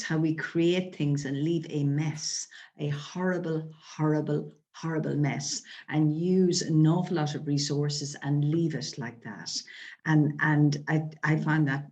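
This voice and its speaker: A woman with a notably low voice joins a video-call discussion. She speaks with passion, stumbling and restarting as she looks for words. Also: darkish tone. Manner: impassioned, hesitant restarts. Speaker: participant. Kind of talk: casual discussion.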